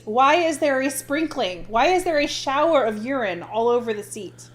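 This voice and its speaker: A high-pitched woman co-hosting a casual podcast chat. Her voice swings widely and expressively as she rants and laughs along. She sounds like she's in her thirties. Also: moderate pace. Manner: animated, laughing, self-described passive aggressive. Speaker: podcast co-host.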